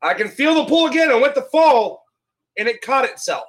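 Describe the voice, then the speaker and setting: A man co-hosting a casual call-in chat, emphatic and swearing loudly when he gets worked up. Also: extremely high pitch, animated, a little fast, low-quality recording. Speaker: show co-host. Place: at home on a video call.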